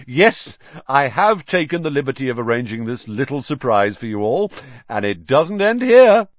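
Vain showman wizard teacher, high and loud, voiced by a man, dry muffled read. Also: big pitch swings, moderate pace, no room sound. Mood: gushing. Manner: gushing, theatrical. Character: vain flamboyant male wizard teacher, showy.

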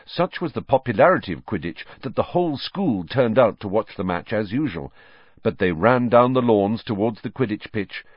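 Expressive male audiobook narrator, lowish voice, lively melody; dry, dull lo-fi recording. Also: no room sound. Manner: expressive storytelling reading. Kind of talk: scripted narration.

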